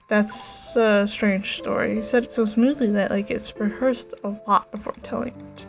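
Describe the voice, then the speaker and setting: A woman's voice: mid-range voice, fairly even intonation, moderate pace, gravelly, few pauses, faint music behind. A woman hosting a gaming show, reading a visual novel aloud with playful, sarcastic asides. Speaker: gaming host playing a story game.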